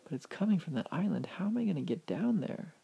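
A man voicing a startled young man on an adventure, with excited, incredulous exclamations in a told story. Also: high voice, fast talker, creaky, slightly rough, voice pushed up, full character voice. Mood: worried.

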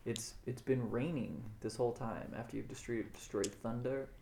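A man's voice: mid-range voice, steady tone, normal speed, vocal fry, a loud crowd. A man running a family tabletop game as game master, narrating playfully and often laughing.

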